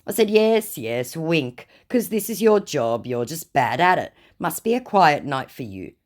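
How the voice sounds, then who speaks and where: A woman's voice: sits low, very animated, measured pace. A woman narrating a storytime vlog, reading out chat messages in a sarcastic, mocking way. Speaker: vlogger recounting scam chats.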